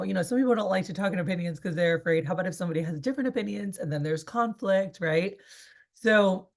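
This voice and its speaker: A woman in her thirties leading a sales training session, chatty and rambling with many fillers. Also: on the low side. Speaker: sales team leader. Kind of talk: casual training talk.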